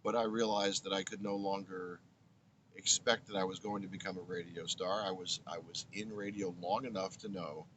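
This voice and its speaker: Background noise accompanies the low voice of a seventy-something former radio broadcaster from Brooklyn, New York. Speaking as an interview guest, he tells his story earnestly and reflectively, frequently starting phrases over.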